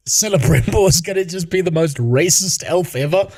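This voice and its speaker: A man's voice: sits high, darkish tone. A man ranting casually as a gaming streamer, swearing, mocking and laughing often. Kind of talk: casual commentary rant.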